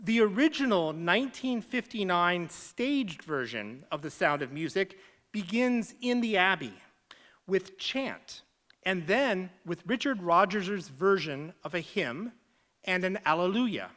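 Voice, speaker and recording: Prof giving a ted-style talk, takes it slow, voice rises and falls a lot, very scholarly. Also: mid-range voice, lively intonation, fairly bright tone. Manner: scholarly, explains closely, taps out rhythms. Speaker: faculty lecturer.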